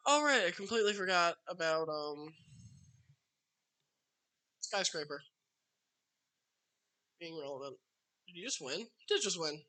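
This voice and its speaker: A man's voice: fairly high pitch, lively intonation, moderate pace, pauses often, bright, forceful tone. A man streaming a card game live, chatting casually and talking to his opponent as he plays. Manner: chatty, talks to his opponent while playing.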